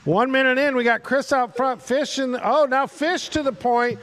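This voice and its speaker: A man's voice: extremely high pitch, moderate pace, fairly bright tone, long reverb tail. A man announcing a radio-control car race live, calling positions and chatting casually with the drivers by name.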